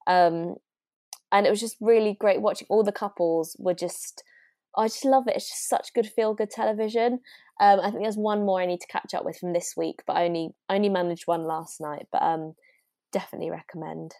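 A woman's voice: medium pitch, steady tone, fairly quick, gravelly, warm tone, no room sound, clean studio sound. A woman co-hosting a podcast, chatting casually and gushing enthusiastically about shows. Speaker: podcast co-host. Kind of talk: casual chat.

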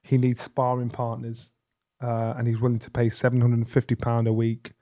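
A middle-aged man, a former boxer telling stories as a podcast guest, lively and swearing freely as he acts out what others said. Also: medium pitch, normal speed. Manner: animated, acts out quoted speech, swears freely. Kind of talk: conversational storytelling.

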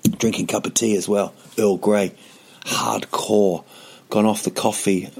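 A man's voice: on the low side, steady tone, unhurried, creaky, darkish tone, slightly rough. A man, a comedian hosting a podcast, telling a rambling comic story with self-mocking jokey asides. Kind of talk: casual comedic monologue.

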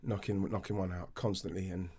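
A man co-hosting a casual podcast chat, animated and quick to laugh. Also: low-pitched, husky. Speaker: podcast co-host.

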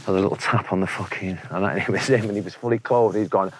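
A man's voice: low-pitched, steady tone, quick pace, slight background noise. Sweary Manchester man telling stories. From England. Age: 40s. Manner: sweary, laddish, laughing anecdotes. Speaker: interview guest, musician. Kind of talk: casual storytelling interview.

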